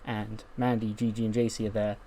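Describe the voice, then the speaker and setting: A man's voice: fairly low pitch, level tone, brisk, dark tone. A young man casually narrating a game playthrough in a rambling, offhand way, swearing now and then. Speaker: let's-play narrator.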